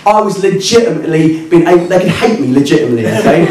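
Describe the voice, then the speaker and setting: A man telling a true story live to an audience, self-mocking and animated, laughing at himself. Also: on the high side, quick pace, slight background noise. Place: working men's club stage. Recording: echoey club from far off, crowd.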